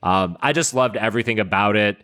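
A man's voice: on the low side, brisk, sharp tone. A man co-hosting a podcast, talking through a TV episode in an enthusiastic, rambling way with many fillers and laughs. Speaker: podcast co-host. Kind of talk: casual chat, TV episode discussion.

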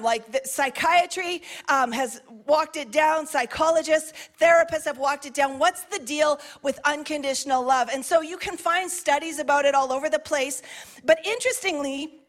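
High-voiced woman preaching earnestly. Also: a bit bright. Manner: earnest, emphatic preaching with repetition and asides. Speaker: pastor. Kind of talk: sermon.

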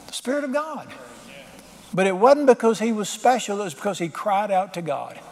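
A man's voice: sits high, lively intonation, moderate pace, darkish tone, long reverb tail. A man preaching a sermon, telling a story and building to fervent emphasis. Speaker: pastor.

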